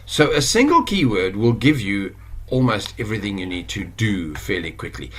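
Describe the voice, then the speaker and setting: A man's voice: lowish voice, big pitch swings, normal speed, slightly rough. A South African man giving a casual screen-share tutorial, chatty and rambling, correcting himself as he goes. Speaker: online course instructor.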